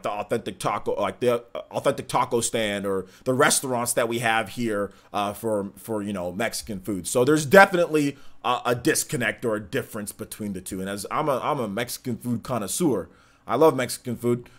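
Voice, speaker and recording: Brief: young male streamer, mid-pitched, casual rambling chat with viewers, plenty of ums and likes. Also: a bit bright. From California. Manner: rambling, filler-heavy, reads chat aloud. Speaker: streamer host.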